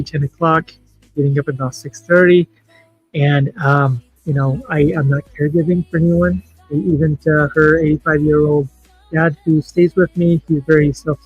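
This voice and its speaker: A man's voice: a little high, husky, no room sound, narrow, tinny audio. Emotional man hosting a livestream. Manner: emotional, halting, heartfelt. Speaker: livestream host. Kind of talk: casual livestream chat.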